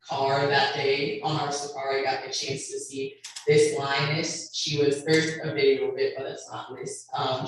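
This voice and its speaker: A young woman telling a funny trip story at a church panel, animated, laughing, with lots of likes and ums. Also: a bass voice, a little hiss or hum. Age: young adult. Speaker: panelist sharing a mission trip. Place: church hall. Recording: echoey hall from far off, audience.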